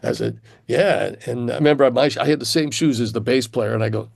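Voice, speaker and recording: A man's voice: mid-range voice, brisk, vocal fry, a little mellow, dry recording, studio quality. An older man from Cleveland, a guitarist guest, telling rambling anecdotes in a casual interview. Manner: rambling anecdotes with acted-out quotes and laughs.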